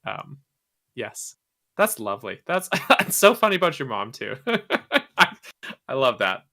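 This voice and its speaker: A man co-hosting a gaming podcast, chatting casually with halting restarts and frequent chuckles. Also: medium pitch, very animated, creaky, pushed and bright. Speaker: podcast co-host. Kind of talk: casual chat.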